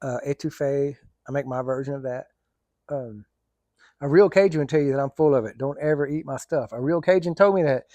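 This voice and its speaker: A man's voice: mid-range voice, fairly quick, warm tone, no echo. A man telling rambling, colloquial stories in a casual vlog and laughing often. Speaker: vlogger. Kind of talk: casual storytelling.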